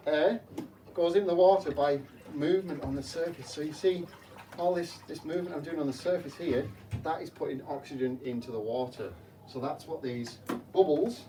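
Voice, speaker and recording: Mellow-voiced man explaining fish to kids. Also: a little high. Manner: playful, chatty, asks the kids rhetorical questions. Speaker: aquarium technician. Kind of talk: explaining to children while working. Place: indoors at a school aquarium. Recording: slightly distant mic with faint hum.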